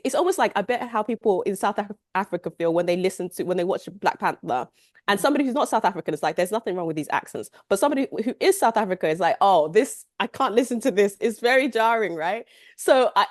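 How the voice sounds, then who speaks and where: A woman's voice: medium pitch, darkish tone, dry recording, studio quality. A woman author talking casually about writing her book, with lots of restarts and "you know". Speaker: author guest. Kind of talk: casual book club conversation.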